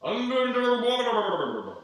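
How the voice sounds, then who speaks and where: An adult leading a children's Shabbat livestream, talking in a playful, animated way and telling a story between songs on guitar. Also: medium pitch, slow, heavy background noise. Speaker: children's Shabbat song leader. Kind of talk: singing and storytelling for kids on a livestream. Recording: echoey room, distant mic, loud guitar.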